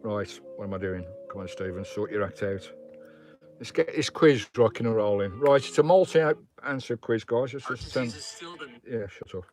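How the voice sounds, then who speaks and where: A man's voice: fairly low pitch, normal speed, over music. A man hosting a casual live stream from his campervan, rambling between his viewers and his dog. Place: inside a campervan.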